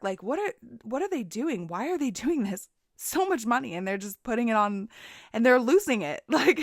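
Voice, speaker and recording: A young woman casually telling a personal story, animated and laughing often, acting out the people she quotes. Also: mid-range voice, no echo, studio quality. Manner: animated, laughing, swearing, acts out quoted voices.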